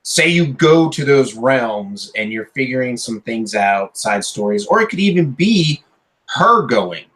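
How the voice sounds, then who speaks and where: A man co-hosting a podcast, chatting casually and rambling excitedly about a video game, with many restarts. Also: mid-range voice, measured pace, poor audio. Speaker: podcast co-host. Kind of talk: casual chat.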